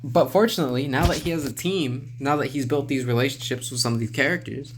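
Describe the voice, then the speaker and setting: A man talks through a manga review in a relaxed, meandering way, filling his pauses with "uh" and the odd chuckle. His voice sits in an ordinary middle pitch. A faint ambient hiss is heard under the recording. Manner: relaxed, rambling, many "uh" fillers, chuckles to himself. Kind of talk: casual video review.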